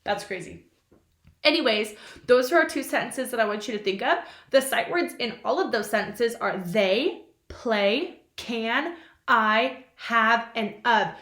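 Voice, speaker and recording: A young woman teacher leading a remote lesson for small children, modeling sentences slowly and playfully. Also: on the high side, fairly bright tone. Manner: slow, exaggerated sentence modeling with playful silly voices. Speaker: kindergarten teacher. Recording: echoey room.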